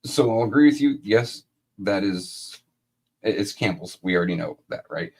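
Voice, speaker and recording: A man with a low, husky voice co-hosts a loose live-stream chat. He talks bluntly and swears freely. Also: lively intonation, moderate pace, a little mellow. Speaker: co-host.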